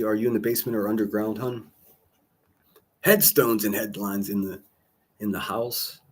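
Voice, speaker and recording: A man with a husky, somewhat raspy voice hosts a livestream, swearing freely and jabbing at rivals. His talk is combative and mocking, and it swings loud and quiet as he shouts down enemies and greets chat. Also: on the low side. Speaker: livestream call-in host.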